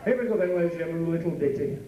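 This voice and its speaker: A man doing bawdy stand-up comedy at a working men's club, with rapid patter and asides to the crowd. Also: fairly high pitch, highs cut off. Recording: echoey room from far off, noisy.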